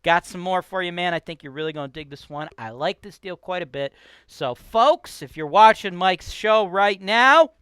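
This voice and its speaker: A man's voice: high voice, lively intonation, moderate pace, a bit bright, clean tone, dry recording. A man from Cleveland, Ohio with a Cleveland accent, hosting a real estate show in a brash, profane, ranting style. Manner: brash, profane, keeps asking "right?". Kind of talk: casual ranting vlog.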